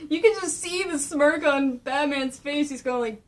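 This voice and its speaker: A woman casually recapping a comic, excitable and gushing, rambling as she goes. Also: high voice, normal speed. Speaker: comic reviewer.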